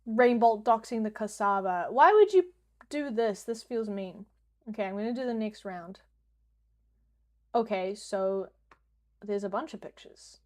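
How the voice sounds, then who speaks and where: A woman's voice: mid-range voice, fairly even intonation, a little slow, pauses often, darkish tone. A young woman with a New Zealand accent, streaming a guessing game in casual commentary, jokey, swearing freely and slipping into mock rants.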